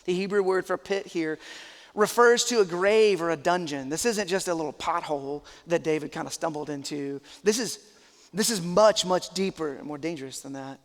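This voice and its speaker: A man's voice: a little high, normal speed, in a large hall. A man, a pastor, preaching a sermon in an earnest, conversational, emphatic way.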